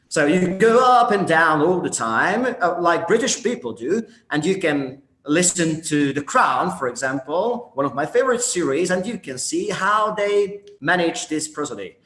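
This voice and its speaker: A man's voice: fairly high pitch, animated, normal speed, fairly bright tone. Male co-instructor, conversational explainer; roomy echo. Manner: conversational, explanatory, frequent fillers. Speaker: workshop instructor. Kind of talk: online workshop teaching. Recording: echoey room.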